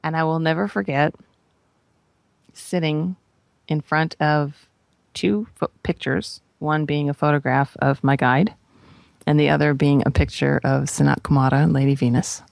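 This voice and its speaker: A woman shares a personal story during a spiritual talk, speaking casually and checking in with her listeners. Her voice has a gravelly edge, and it is recorded dry, with no room sound. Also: low voice, fairly even intonation, moderate pace, a little mellow, no room sound. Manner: conversational, often adds "right?" and "you know". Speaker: spiritual teacher. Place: radio broadcast.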